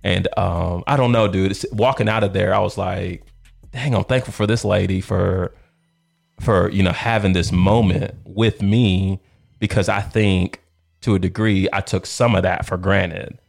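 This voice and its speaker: A man in his thirties, a podcast co-host, telling a long story in a rambling, animated way with lots of fillers. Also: low-pitched, a little slow, vocal fry, faint music behind. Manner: rambling, animated, laughs often, many fillers. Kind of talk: casual storytelling chat.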